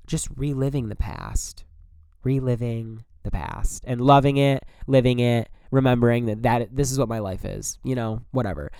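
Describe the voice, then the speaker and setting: A young man hosting a podcast, telling a story in an animated, exasperated way and swearing often. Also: medium pitch, clean tone, dry recording, studio quality. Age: young adult. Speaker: podcast host. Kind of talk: casual storytelling monologue.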